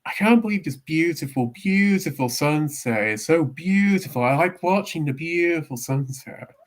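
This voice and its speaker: A Welsh man voicing an excitable young male cartoon hero who gushes in a high, drawn-out voice. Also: lightly acted. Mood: gushing. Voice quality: high, drawn-out, over-the-top gushing.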